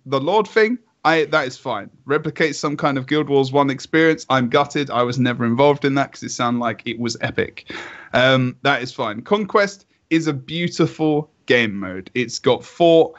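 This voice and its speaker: A man co-hosting a casual gaming podcast, relaxed and opinionated with lots of fillers. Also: medium pitch. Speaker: podcast co-host. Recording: muffled lo-fi audio.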